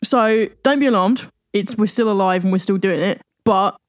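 A woman co-hosting a podcast, relaxed and blunt, with sweary reactions. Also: medium pitch, normal speed, dry recording, clean studio sound. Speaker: podcast co-host. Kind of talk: casual chat.

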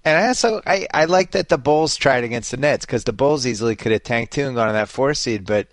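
A man's voice: mid-range voice, fairly quick, no room sound, clean studio sound. A man, hosting a casual sports chat and rambling along with lots of fillers. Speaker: podcast host.

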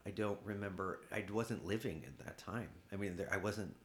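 Guy being interviewed, low voice, stops and restarts a lot, bit of room echo. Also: fairly bright tone. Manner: halting, many restarts, laughs while talking. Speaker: guest artist. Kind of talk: candid conversational interview.

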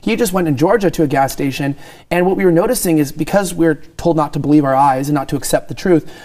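A man's voice: fairly high pitch, quick pace, darkish tone. A man who is a guest commentator, chatting casually about politics in a joking, sarcastic way and laughing often.

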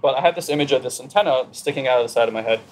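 A man telling a personal story at a brisk, rushing clip, animated and acting out his inner dialogue. His voice sits at an ordinary middle pitch, with a faint hiss underneath. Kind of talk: casual conversation, personal storytelling.

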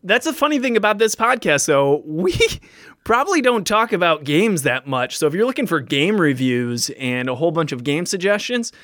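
A man co-hosts a podcast in a casual, teasing way. His voice sits high and moves around a lot. The sound is dry and close. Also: sing-song, normal speed, fairly bright tone, no room sound. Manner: joking, teasing. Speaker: podcast co-host. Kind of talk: casual chat.

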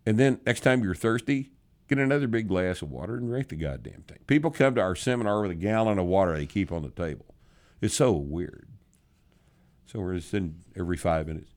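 A very deep-voiced man hosts a podcast and answers listener questions. He is blunt and sardonic, swears freely, and stretches out words to make his points. His talk is casual and unpolished. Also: animated. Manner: blunt, profane, sardonic, with drawn-out emphasis.

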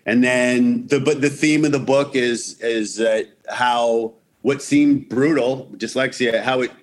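A man from Canada talks as a guest comedian, his mid-range voice tumbling through restarts and acted-out quotes. The chat is loose and animated, with a quick storyteller's energy. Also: mid-range voice. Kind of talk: casual podcast chat.

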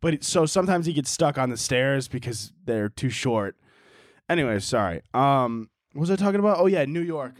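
A young man hosting a casual solo podcast from home, ranting in a profane, animated way and mocking people with quick impressions. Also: mid-range voice, no room sound, clean studio sound. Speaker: podcast host. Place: indoors at home.

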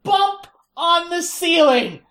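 A woman's voice: very high voice, expressive, slow pace, fairly bright tone. A woman co-hosting a podcast in casual banter, dry, trying to get a word in. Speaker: podcast co-host.

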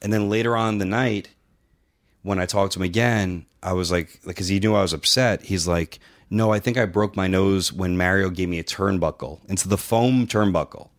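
A middle-aged man, both podcast host and wrestling trainer, recounts a long, profane story in relaxed conversation, acting out every line of dialogue with animation. His voice sits low and moves at a moderate pace.

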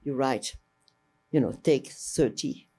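Older woman with a warm voice. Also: extremely low pitch, slow pace, slightly rough. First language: French. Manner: rambling, lively, restarts mid-phrase and acts out other people's speech. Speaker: interviewee, filmmaker. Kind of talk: storytelling reminiscence.

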